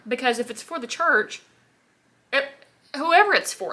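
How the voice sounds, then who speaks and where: A woman's voice: high-pitched, expressive, normal speed, sharp tone. A woman in her twenties, a beauty vlogger rambling through a casual get-ready-with-me chat, full of "like" fillers. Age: 20s. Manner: chatty, rambling, filler-heavy with constant "like".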